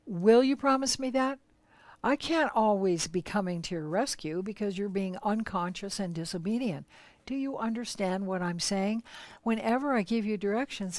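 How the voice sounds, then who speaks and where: A woman voicing a stern male spiritual teacher who scolds his disciples in slow, measured tones. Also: medium pitch, no echo, natural voice.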